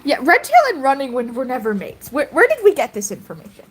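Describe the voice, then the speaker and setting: A young woman chats while she draws, rambling along with plenty of fillers and giggles. Her voice sits high and swoops animatedly up and down. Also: wildly swooping pitch, fast talker, breathy edge. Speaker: video creator. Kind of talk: casual chat while drawing.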